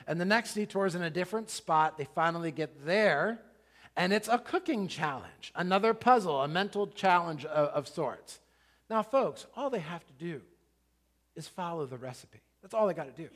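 A middle-aged man preaching a sermon, telling a story in an animated, conversational way with asides to his listeners. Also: high voice. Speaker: pastor.

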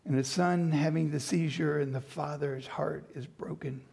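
A man's voice: a little high, fairly even intonation, normal speed, vocal fry, a little mellow, breathy edge. A man preaching a sermon, reading scripture and then retelling the story with playful acted-out asides. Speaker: pastor.

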